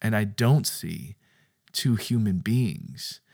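Here a man preaches on a podcast, his lowish, creaky voice animated yet slow. Repetition drives his points home, and his volume moves from soft near-whispers up to loud bursts.

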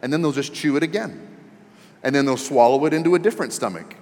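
Joking preacher in a reverberant hall. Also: male voice, mid-range voice, fast talker. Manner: animated, joking, rising to emphatic questions. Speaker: pastor. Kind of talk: sermon.

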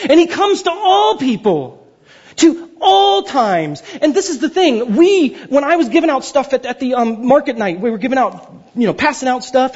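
A young man preaching a sermon to his church, telling stories in a lively, self-deprecating conversational way. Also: extremely high pitch, husky. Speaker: pastor. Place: church sanctuary. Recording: dull lo-fi sound.

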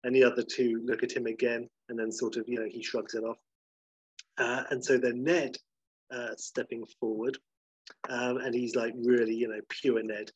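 In casual spoken storytelling, a man pitches a comedy scene in a slightly rough, mid-range voice, keeping a level tone at normal speed. He rambles, filling his talk with "like" and "you know." There's no echo, and the lo-fi audio sounds slightly dull.

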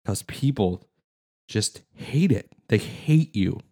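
A man's voice: lowish voice, expressive, takes it slowly, warm tone. A man in casual conversation, joking with wry, mock-indignant humor. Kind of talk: casual chat.

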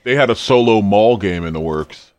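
Low-voiced man rambling in casual chat. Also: animated, moderate pace, darkish tone, no room sound. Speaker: podcast co-host.

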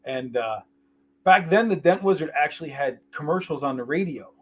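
A man's voice: a little high, expressive, moderate pace. A middle-aged man, a podcast guest, telling casual stories in a blunt, joking, profane way over a video call. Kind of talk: casual storytelling.

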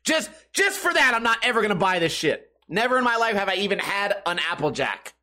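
A man's voice: sits high, big pitch swings, brisk, sharp tone. A young man hosting a solo podcast, rambling casually with lots of swearing and laughing at his own jokes. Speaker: podcast host.

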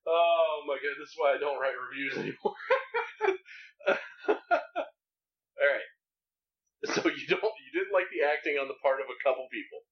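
A man's voice: fairly high pitch, normal speed, long pauses, lo-fi sound. A man reviewing a movie with his wife in casual chat, teasing her and laughing often.

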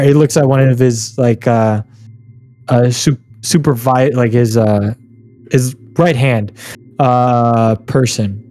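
A man's voice: medium pitch, steady tone, mellow. Man narrating as game master. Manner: loose, halting narration with many fillers.

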